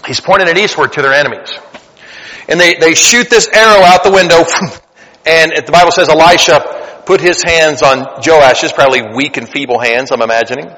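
A man's voice: fairly high pitch, moderate pace, bright, forceful tone, in a large hall. A man in his late forties preaching a sermon, talking to the congregation in a conversational way and building to emphatic bursts. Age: 40s. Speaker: pastor. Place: church sanctuary.

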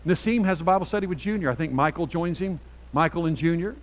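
A man's voice: fairly high pitch, expressive, quick pace, low-quality recording. Impassioned preaching man. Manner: impassioned, repetitive preaching with rising bursts. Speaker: pastor. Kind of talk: sermon. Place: church sanctuary.

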